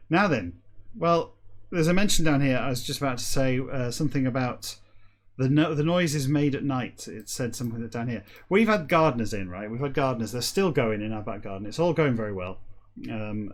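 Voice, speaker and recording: A man hosting a comedy podcast, reading slowly and deadpan, then breaking into quick, chatty asides. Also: mid-range voice. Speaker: podcast host. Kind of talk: comic reading of a novel backwards, then rambling aside.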